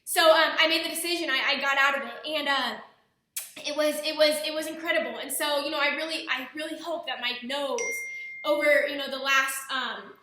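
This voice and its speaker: A young woman with a high, bright voice speaks earnestly to her viewers, tripping over herself and restarting sentences as she goes. She sounds like she's talking at home, in a very echoey room. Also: steady tone, fairly quick. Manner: earnest, talkative, many restarts. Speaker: vlogger. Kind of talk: casual personal vlog. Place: indoors at home.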